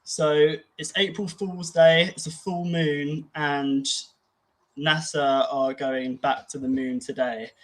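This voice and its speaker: A man's voice: fairly high pitch, steady tone, slow pace, low-quality recording. A man co-hosting a casual podcast chat, musing aloud in an easygoing way with many fillers. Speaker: podcast co-host.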